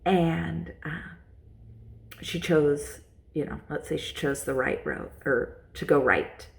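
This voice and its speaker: A woman's voice: sits low, slow, vocal fry. A woman vlogger telling a personal story in a casual, rambling way, repeating herself and using lots of fillers.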